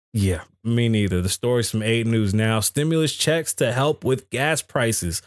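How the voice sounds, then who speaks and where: A man hosts a casual talk podcast, reading news stories aloud and stopping to mock them with blunt, profane asides. His voice sits at a middling pitch and is recorded close and dry, with no room sound around it. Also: no echo. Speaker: podcast host.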